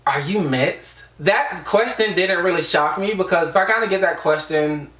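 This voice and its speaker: Young guy rambling thru a storytime vlog, kinda high voice, roomy echo. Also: moderate pace, a bit bright, recorded from a distance. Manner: rambling, lots of fillers. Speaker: vlogger. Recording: echoey room, away from the mic.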